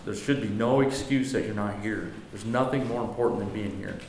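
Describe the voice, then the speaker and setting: A man's voice: on the low side, a little fast, a little mellow. A man teaching a church Bible class in a conversational, joking way, often correcting himself. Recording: echoey room, faint noise.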